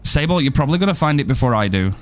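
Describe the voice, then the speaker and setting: A man's voice: medium pitch, sing-song, rapid-fire. A young man streaming a game, joking around and swearing casually as he plays. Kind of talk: live gameplay commentary.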